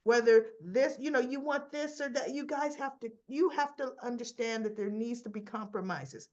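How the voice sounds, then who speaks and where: A woman's voice: fairly high pitch, normal speed, darkish tone, lo-fi sound. A woman hosting a casual soap opera recap, chatty and rambling as she talks through the episode. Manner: chatty, rambling, acting out the characters' lines.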